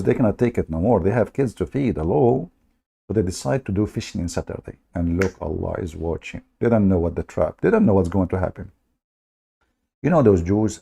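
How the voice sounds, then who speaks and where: A man's voice: low voice, gravelly, dark tone, slightly rough. A man hosting a livestream, telling a story in a mocking, sarcastic way in broken English. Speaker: host of a livestream. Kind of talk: livestream commentary.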